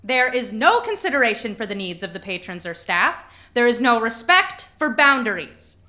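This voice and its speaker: A woman's voice: on the high side, sing-song, moderate pace, sharp tone. An actress playing an anxious young woman who talks herself into courage. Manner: shaky, self-coaching, earnest.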